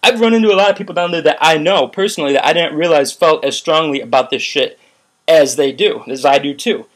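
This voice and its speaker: Young male vlogger, heated profane rant, rambling "like"s, slightly high voice. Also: a little fast. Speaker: vlogger recounting a protest. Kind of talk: ranting video commentary.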